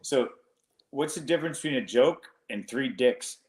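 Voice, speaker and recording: A man's voice: mid-range voice, animated, normal speed, a little mellow, echoey room. A man bantering on a talk radio show, teasing the host and laughing often. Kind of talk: casual banter.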